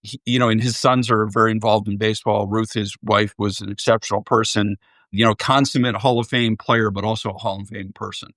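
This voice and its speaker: A middle-aged former baseball executive speaks candidly as a guest in a casual interview, sharing anecdotes with self-deprecating humor. His voice is fairly low, steady, brisk, and slightly bright, recorded dry.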